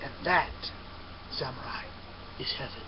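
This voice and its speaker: A man voicing a calm, wise young male monk who speaks softly and in a measured way, on a dull recording with faint hiss. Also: fairly high pitch. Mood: calm, serene. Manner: soft, quiet, measured.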